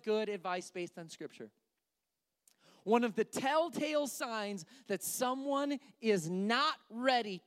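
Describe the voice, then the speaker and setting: A man preaching a sermon as pastor, emphatic and repetitive, swinging from loud lines to hushed ones. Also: very high-pitched.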